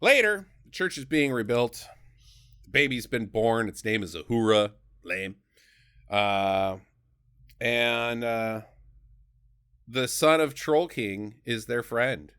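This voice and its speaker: A man's voice: medium pitch, takes it slowly, pauses often, bright, forceful tone, clean tone. A man co-hosting a podcast, recapping a movie in a profane, joking way. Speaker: podcast co-host. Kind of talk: casual comedic movie recap.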